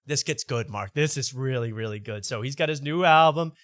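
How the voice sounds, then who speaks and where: A man's voice: medium pitch, a little fast, a bit bright, dry recording, studio quality. A man hosting a late-night show, talking in a rambling way that keeps interrupting itself and stumbling over repeated words. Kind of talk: casual late-night monologue.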